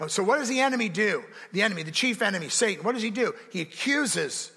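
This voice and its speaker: A man's voice: high voice, animated, quick pace, creaky, few pauses, bright, forceful tone, slightly rough, big-room sound. A man preaching a sermon as pastor, with rising emphasis and dramatic quoted voices, recorded in a church sanctuary.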